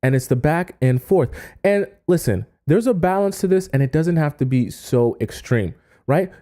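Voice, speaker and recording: A man's voice: on the high side, animated, moderate pace, warm tone. A man coaching on dating in a casual lecture, often checking in with "right?" and acting out quotes. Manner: acts out quoted voices.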